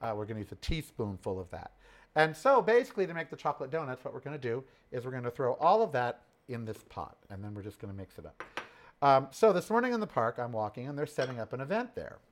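A man in his forties from Southern California, telling a story in a casual, sassy, animated way while cooking on a home vlog. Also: medium pitch, quick pace.

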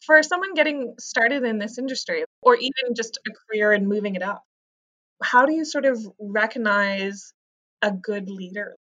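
A woman's voice: fairly high pitch, moderate pace, sharp tone, rough recording. A woman interviewer asking guests questions in an upbeat, chatty way. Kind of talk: interview hosting.

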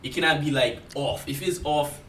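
A man's voice: fairly high pitch, normal speed. A man with a non-native English accent, rambling in a casual chat, full of fillers and laughs. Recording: roomy, distant mic, faint noise.

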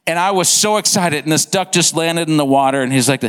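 A man preaching a sermon, telling a funny story in an animated, comic way and acting out sound effects. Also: on the high side, a little fast, clear, resonant tone, long reverb tail. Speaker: pastor. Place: church.

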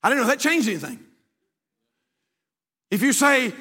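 Fiery pastor in an echoing sanctuary. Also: male voice, very high-pitched, sing-song, normal speed, pauses often. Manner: impassioned, builds to shouts, then drops to a hushed storytelling voice. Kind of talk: sermon. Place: church sanctuary. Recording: long hall reverb.

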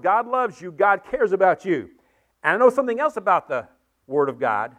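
A male pastor delivers a Sunday sermon in a high voice. He talks earnestly, circling back to repeat his points and rising into emphatic peaks before easing down again. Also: big pitch swings, moderate pace, fairly bright tone. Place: church sanctuary with congregation.

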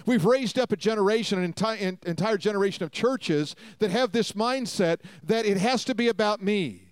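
High-voiced man preaching, clear and dry. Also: moderate pace. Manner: reads scripture aloud and expounds with emphatic repetition. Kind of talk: sermon.

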